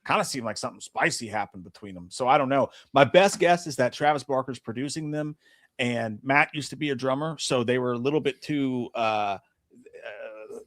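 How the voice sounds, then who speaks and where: A man co-hosting a live movie talk stream, swearing a lot and telling stories with energy. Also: mid-range voice. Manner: profane, animated storytelling. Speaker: podcast co-host. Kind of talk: casual live-stream chat.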